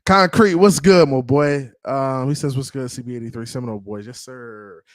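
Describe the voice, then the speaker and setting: Male streamer, mid-pitched, hyped and slangy, greeting chatters one by one, dry close mic. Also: normal speed, no room sound. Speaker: fan podcast host reading live chat. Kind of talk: casual livestream chat.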